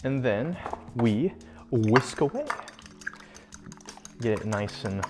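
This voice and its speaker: A young man talking through a home bake in a casual cooking vlog. His voice sits at an ordinary middle pitch, and he rambles along with jokey, self-mocking asides. He sounds like someone filming in his own kitchen. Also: takes it slowly, long pauses, music in the background. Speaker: home cook vlogger.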